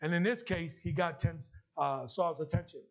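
A man preaching a sermon as pastor, emphatic and rising to loud bursts. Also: on the high side, normal speed. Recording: dull lo-fi sound.

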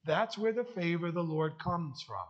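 High-voiced emotional man preaching. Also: lively intonation, normal speed, highs cut off. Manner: heartfelt testimony, emotional at times. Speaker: pastor. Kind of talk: sermon.

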